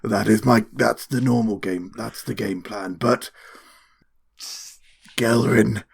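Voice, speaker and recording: Slow gravelly man playing a tabletop game. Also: fairly low pitch. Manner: rambling, jokey, stumbles into laughter. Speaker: player. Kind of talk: tabletop role-play, in character.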